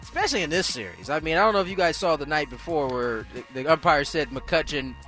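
A man on a sports debate panel, his voice slightly high. He often stumbles and restarts his sentences. Then he drives his points home emphatically. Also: very animated, quick pace, bright, forceful tone, faint music behind.

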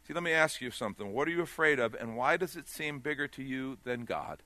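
A man preaching a sermon in a church service, rising to loud emphatic peaks and falling to quiet, pressing the congregation with direct questions. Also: medium pitch, lively intonation, a little fast, no room sound. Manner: swells loud then drops to a hush, direct questions to the congregation. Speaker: pastor.

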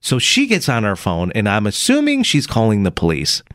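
Lively, animated male radio host. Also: on the low side, moderate pace, no room sound, clean studio sound. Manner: animated, laughing storyteller with frequent restarts. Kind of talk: casual on-air storytelling. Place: radio studio. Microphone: studio microphone.

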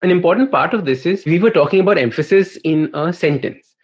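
A man's voice: high voice, expressive, a little fast. A man hosting a podcast interview, chatting casually, prompting his guest and sharing anecdotes. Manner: conversational, prompting, relates anecdotes. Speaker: podcast host. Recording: dull lo-fi sound.

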